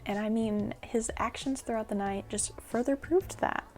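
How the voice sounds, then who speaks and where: A young adult woman telling a personal story in an animated, dramatic vlog style. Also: on the high side, moderate pace, faint music behind. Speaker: vlogger.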